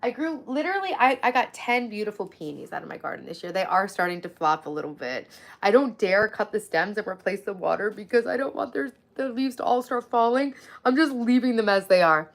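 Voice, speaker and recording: A woman's voice: mid-range voice, lively intonation, brisk. A woman in her forties hosting a casual livestream from home, chatting and thanking viewers by name. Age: 40s. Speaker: livestream host.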